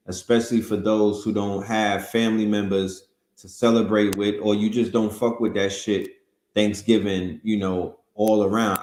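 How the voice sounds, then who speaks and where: A man's voice: on the low side, a little mellow. A man hosting a casual livestream, talking loosely in slang straight to his audience. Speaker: host. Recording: roomy echo.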